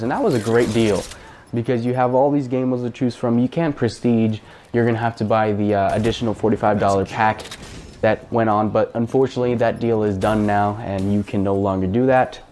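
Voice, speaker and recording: A man's voice: medium pitch, darkish tone, a little hiss or hum. A man hosting a casual spoken game review, talking in a chatty, rambling way with fillers and the odd swear word. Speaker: gaming channel host.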